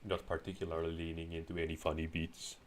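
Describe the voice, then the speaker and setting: Deep voiced guy streaming a game, fake posh sarcastic rambling right into the mic. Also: monotone, fast talker, a little hiss or hum. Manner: mock-pompous, sarcastic rambling in a put-on voice. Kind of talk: casual gaming commentary. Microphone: close desk microphone.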